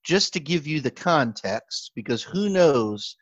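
A man's voice: on the high side, a little slow, dry recording. A pastor chats on his podcast, his voice jumping up and down as he tells a story and keeps laughing at himself. The sound is dry and a little muffled, like a home setup with nothing on the walls. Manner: animated storytelling, frequent laughter and self-restarts. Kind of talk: casual chat. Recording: slightly muffled, dry recording.

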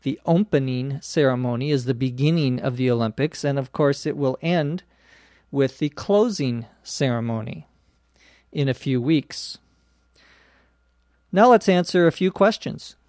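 A man hosting an English-learning podcast, explaining words slowly and spelling them out letter by letter with frequent "uh"s. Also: mid-range voice, darkish tone, no room sound, clean studio sound. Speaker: English teacher podcast host. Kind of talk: slow explanatory podcast lesson.

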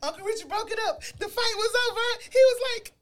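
A middle-aged woman, co-hosting a podcast and telling stories in lively, laughing casual chat. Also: fast. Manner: animated storyteller, swings high and loud when laughing. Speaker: podcast co-host.

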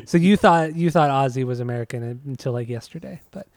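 A man talks fast in an easygoing, chatty way and keeps the talk on track. His voice sits in a middle range, and the sound is dry and close. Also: mid-range voice, no room sound. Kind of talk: casual chat.

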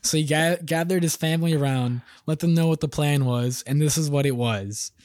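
A young man co-hosting a podcast, reading out a silly story in a deadpan way and breaking into laughter. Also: on the high side, brisk, no echo, clean studio sound. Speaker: podcast co-host. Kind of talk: casual podcast chat, reading a comic story.

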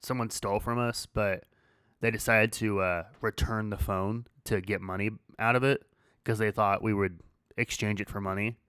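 A man's voice: on the low side, steady tone, moderate pace, fairly bright tone, smooth, no echo. A man hosting a podcast, casually telling a story, swearing freely and laughing as he goes. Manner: laid-back, swears freely, laughs through his story. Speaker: podcast host.

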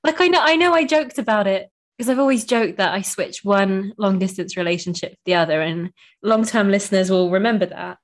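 A woman's voice: medium pitch, brisk. A young woman hosting a podcast, chatting casually and emotionally with lots of "like". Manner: gushing, emotional, heavy use of "like". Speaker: podcast host. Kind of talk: casual chat.

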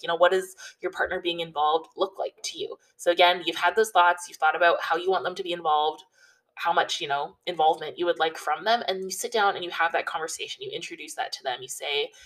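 Brief: woman, low voice, casual advice vlogger, chatty and filler-heavy, mic a bit distant. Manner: chatty and relaxed, with many fillers like "you know" and "like". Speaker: wedding planning advice vlogger. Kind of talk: casual advice talk to camera.

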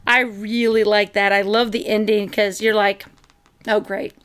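A woman co-hosting a casual movie review chat, eagerly retelling the story with quick restarts. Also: mid-range voice, little pitch movement, a bit bright, smooth. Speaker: podcast co-host.

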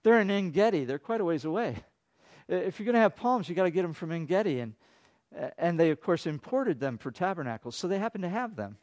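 A man with a fairly high voice preaching a sermon to his congregation. He tells the story in a loose, conversational way, fires off rhetorical questions, and swings from loud, excited preaching to soft, quiet asides. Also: fast. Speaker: pastor.

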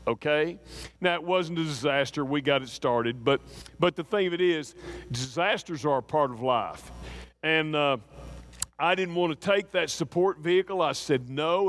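A middle-aged man from Texas telling an animated, folksy anecdote, acting out voices with asides to the listener. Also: on the high side. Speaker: storyteller. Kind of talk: anecdotal storytelling.

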